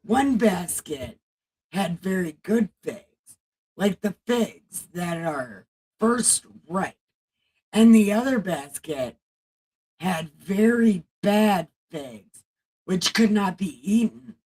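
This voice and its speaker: A woman reading the Bible aloud on a casual livestream, halting over the text and breaking off into chatty, salty asides. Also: medium pitch, expressive, a little mellow, slightly rough, rough recording.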